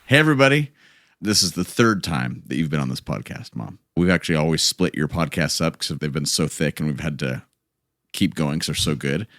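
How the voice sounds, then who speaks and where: A man's voice: rumbling low, expressive, fairly quick, a bit bright, no echo, clean studio sound. A man hosting a podcast from home in a chatty, joking way with rambling asides. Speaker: podcast host. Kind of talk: casual chat.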